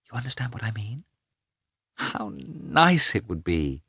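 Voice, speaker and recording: A man voicing an excitable young Russian noblewoman who gushes eagerly in a storybook reading. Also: medium pitch, a little slow, no room sound, clean studio sound, pitched above the performer's own voice, full character voice. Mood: excited. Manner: breathless, gushing, eager.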